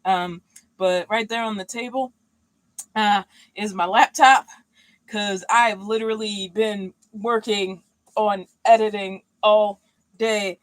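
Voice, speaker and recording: A woman's voice: mid-range voice, steady tone, takes it slowly, no echo, rough recording. A worn-out woman chatting casually and loosely on a livestream from inside the box truck she lives in. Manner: easygoing, chatty, loose and unscripted. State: mentally worn out. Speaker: vanlife vlogger hosting a livestream. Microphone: streaming mic, at times leaning away from it.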